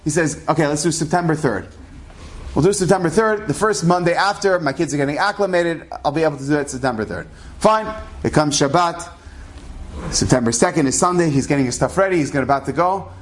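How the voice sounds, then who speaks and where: A man's voice: animated, fast. A man casually telling a true story, acting out the people in it with shifting voices. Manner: chatty, acts out dialogue with shifting pitch.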